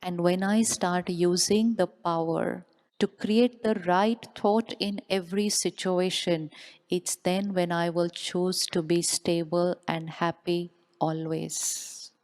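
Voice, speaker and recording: A woman's voice: fairly low pitch, fairly even intonation, takes it slowly, darkish tone. A woman giving a motivational spiritual talk to a live audience, often asking questions and repeating them. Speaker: spiritual speaker. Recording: long hall reverb.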